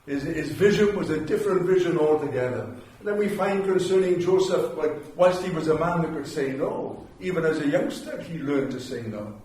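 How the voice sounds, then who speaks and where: An older Welsh preacher delivers a sermon, telling stories and repeating key phrases for emphasis. His voice sits fairly high for a man. It rings through a very echoey chapel, picked up from a distance. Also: moderate pace, hardly any pauses, darkish tone. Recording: very echoey chapel, mic far off.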